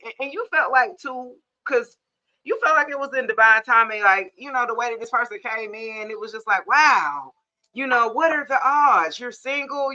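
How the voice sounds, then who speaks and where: A young woman reads tarot cards straight to camera, sassy and blunt, with quick laughing asides. Her voice is bright and sharp, and the sound is dull and lo-fi, like a phone mic. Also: fairly high pitch. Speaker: tarot reader. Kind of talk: casual tarot reading to camera.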